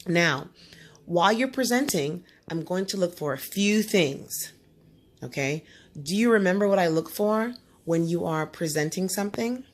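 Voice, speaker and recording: A woman teaching a student one-on-one in a homeschool lesson, coaching and often checking understanding with quick tag questions. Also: on the low side, lively intonation.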